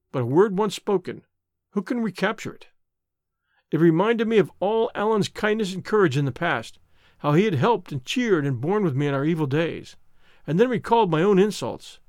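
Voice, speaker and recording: A man narrating a classic novel in first person with expressive, storytelling delivery. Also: high voice, dry recording, studio quality. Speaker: audiobook narrator.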